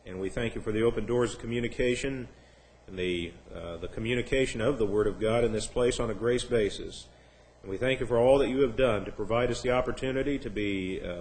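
Give me a man teaching a Bible study in a formal, measured voice. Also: medium pitch, a little mellow, low-quality recording. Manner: formal, measured, slips into mild joke voices. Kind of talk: Bible class teaching with opening prayer.

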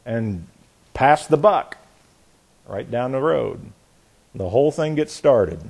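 A man's voice: medium pitch, animated, takes it slowly, creaky, a little mellow, slightly rough. A man preaching a sermon in a conversational way, often restarting his words and chuckling, and building in intensity as he goes.

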